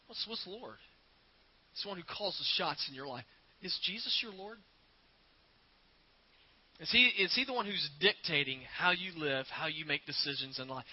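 A man preaching a sermon as a pastor, earnest and repetitive, slowing down to stress his points. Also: on the high side, lively intonation, breathy edge, highs cut off. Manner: earnest, repeats words, slows for emphasis.

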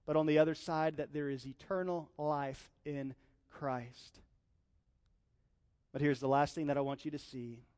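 A young man delivers a sermon in a high-pitched voice, preaching with passion and weaving in personal stories. His voice rings out with a long reverb, as if it were recorded in a church hall. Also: fairly even intonation, unhurried, pauses often, darkish tone, clean tone. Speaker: pastor.

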